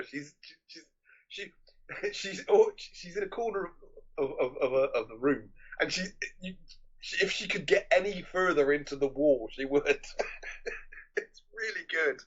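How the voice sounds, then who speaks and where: A man's voice: a little high, expressive, measured pace, fairly bright tone, slightly rough, dull audio. A man co-hosting a podcast, talking enthusiastically about a film and stumbling over repeated words. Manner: enthusiastic, stumbling with many restarts. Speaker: podcast co-host. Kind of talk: casual film discussion.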